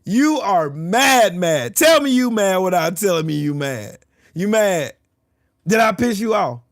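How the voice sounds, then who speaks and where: A man's voice: high-pitched, expressive, unhurried, no room sound, clean studio sound. A man livestreaming, taunting and mocking someone, repeating his jabs and laughing hard. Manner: repeats phrases over and over. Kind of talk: live stream trash talk.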